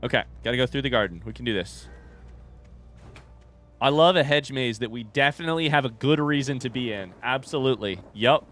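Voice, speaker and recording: A man's voice: mid-range voice, fairly quick, a bit bright, faint music behind. A young man giving casual, joking commentary while playing a video game, talking back to it and swearing. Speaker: gaming streamer.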